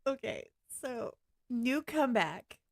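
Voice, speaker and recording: A middle-aged woman hosting a live-stream reaction, blunt and excitable, bursting into laughter often. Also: on the high side, takes it slowly.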